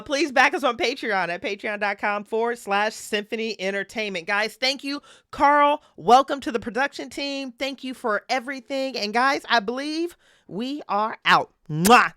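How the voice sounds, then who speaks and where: A woman's voice: on the high side, expressive, normal speed, a bit bright, clear, resonant tone, no echo, clean studio sound. A woman hosting a live stream, chatting casually and laughing often. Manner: bubbly, laughs often, talks to her dog. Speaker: stream host.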